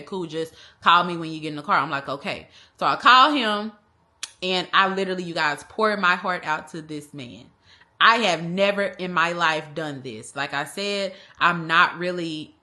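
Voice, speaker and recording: A young woman telling a personal story in a casual, animated way, using slang and acting out the other people. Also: on the low side. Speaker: vlogger. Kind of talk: storytime vlog.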